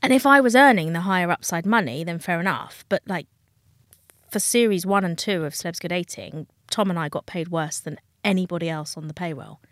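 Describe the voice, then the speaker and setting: A woman's voice: lowish voice, a little fast, dry recording, studio quality. A woman, a dating coach talking frankly and with feeling as a guest in an interview. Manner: frank, emotional, acts out quoted voices. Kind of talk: candid interview talk.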